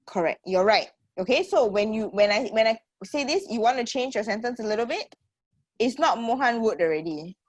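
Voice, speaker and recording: On a computer mic, a Singaporean woman teacher leads an online English lesson in a high-leaning, lively, fairly quick voice. The sound is dry and close without room echo. She calls her students sweetheart and checks in constantly with "okay" and "right?".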